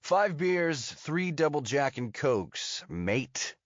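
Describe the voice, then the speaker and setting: A man voicing a sneering, mocking American thug with an American accent, pitched well above his own voice. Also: sing-song, very slow, dry recording, exaggerated voice. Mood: taunting. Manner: taunting, mocking. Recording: dull lo-fi dry audio.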